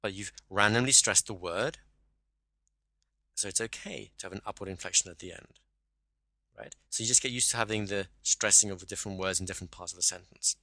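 Bright-voiced male coach giving instruction. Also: low voice, brisk, no echo. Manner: instructive, checks in with "right?". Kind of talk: one-to-one coaching call.

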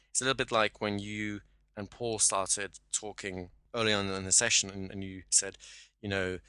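Male trainer, bright forceful voice, dry close sound, explanatory delivery. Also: on the low side, fairly even intonation, a little fast, clear, resonant tone, no room sound. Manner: explanatory, acts out sample dialogue. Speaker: hypnosis trainer. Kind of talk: teaching a class.

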